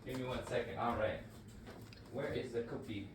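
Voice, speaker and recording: A man's voice: medium pitch, steady tone, normal speed, very noisy. A man vlogging at home as he brews coffee, talking in a rambling, self-mocking, joking way. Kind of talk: casual how-to chat while brewing coffee.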